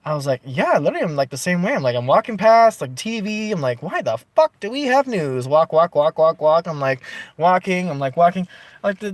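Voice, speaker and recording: A man rambling to his viewers in a loose, chatty vlog rant. His voice sits at an ordinary middle pitch. He keeps saying "like" and swearing as he goes. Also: no echo. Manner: chatty, animated, swearing, frequent "like". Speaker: vlogger. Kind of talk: casual rant to camera.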